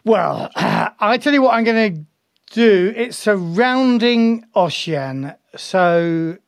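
A man's voice: high voice, lively intonation, slow pace, no room sound, studio quality. A man running a tabletop game as game master, hesitant, with many fillers and chuckles.

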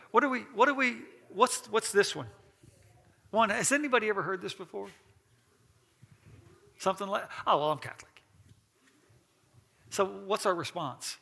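A man with a high, gravelly voice leads a church class, throwing questions to the room in a folksy manner. His tone is bright and a little husky, and he laughs easily as he teaches. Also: moderate pace, pauses often.

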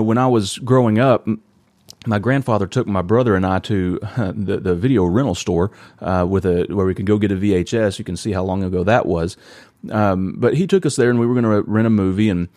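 A man in his thirties delivers a sermon in a low-pitched voice. He talks to the congregation earnestly and conversationally, asking rhetorical questions as he goes. The sound is dry and close, with little room around it. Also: dark tone, dry recording. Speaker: preacher.

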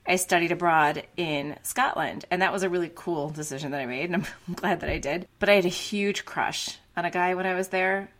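Woman in her 40s on a podcast, kinda low voice, chatty and rambly, lots of "you know". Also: a little fast, hardly any pauses, a bit bright. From United States. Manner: candid, rambling storytelling with many fillers. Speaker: podcast co-host, romance novelist. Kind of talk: casual podcast chat.

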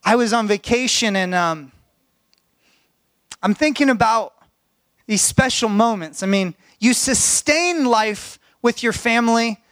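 High-voiced man preaching heartfelt stories. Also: a little slow, a bit bright, no echo. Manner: earnest, heartfelt storytelling. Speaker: pastor. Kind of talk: sermon with personal stories.

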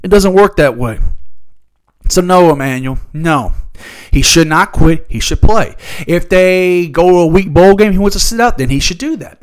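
A man's voice: sits high, sing-song, normal speed. A man hosting a solo sports talk show, ranting in a fired-up, profane way. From Louisville area.

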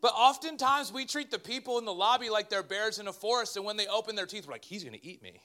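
A man, a pastor, preaching a sermon in an animated way with joking asides to his congregation. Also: high voice, quick pace.

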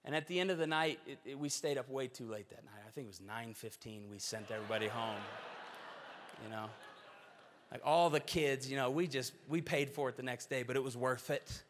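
A man's voice: mid-range voice, brisk. A man preaching a sermon, earnest and storytelling, with shifting emphasis. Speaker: pastor. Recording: long hall reverb.

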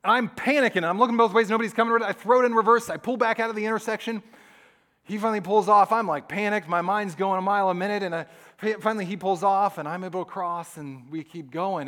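A man preaching a sermon as pastor, animated when telling stories and dropping to soft, hushed asides. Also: high voice, quick pace.

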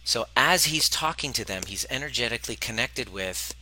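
A man's voice: medium pitch, animated, normal speed, few pauses, pushed and bright, a little hiss or hum. A man hosting a podcast, earnestly telling a coaching story and acting out his client's lines. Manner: earnest, acts out client dialogue. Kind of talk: personal storytelling monologue.

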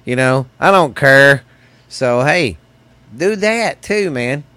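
A man's voice: mid-range voice, animated, slow pace, pushed and bright, clear, resonant tone, dry recording. Rowdy man hosting a podcast. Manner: rowdy, profane, rambling, calls listeners baby. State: stuffy from sinus trouble. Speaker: podcast host. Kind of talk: casual rambling podcast monologue. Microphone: close studio mic.

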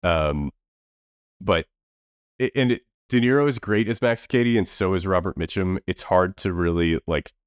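In studio-quality audio without room sound, a man with a deep, clean-toned voice speaks at a moderate pace. He's co-hosting a casual movie review podcast, rambling along with many fillers and restarts.

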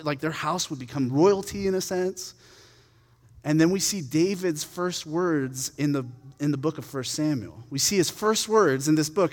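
A man reading a Bible passage aloud, then retelling it in a chatty, joking way with laughing asides. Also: high-pitched. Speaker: Bible teacher. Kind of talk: scripture reading and casual commentary. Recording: long hall reverb.

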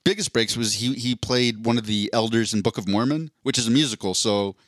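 A man's voice: medium pitch, a little fast, a bit bright, dry recording, clean studio sound. Eager young podcast guy. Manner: chatty, enthusiastic about shows and actors. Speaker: podcast co-host. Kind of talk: casual chat.

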